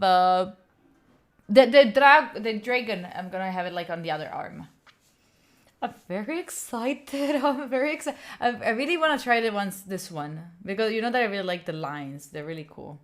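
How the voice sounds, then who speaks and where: A woman whose first language is Italian, chatting casually and playfully to her stream viewers, rambling and laughing at herself. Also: mid-range voice. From Italy. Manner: rambling, playful, self-mocking, laughs often. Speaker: study streamer. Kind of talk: casual live-stream chat.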